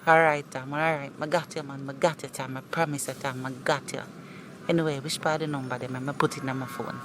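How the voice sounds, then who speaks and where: Low-ish jamaican cartoon woman, pleading and gushing, noisy street behind. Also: fairly even intonation, brisk. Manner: pleading, repeats the name over and over. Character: eager young woman, emotional and grateful. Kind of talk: animated cartoon dialogue.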